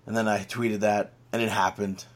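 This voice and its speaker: A man's voice: fairly low pitch, flat delivery, moderate pace. A man co-hosting a casual podcast chat, laughing often and acting out quoted lines in bursts. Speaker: podcast co-host.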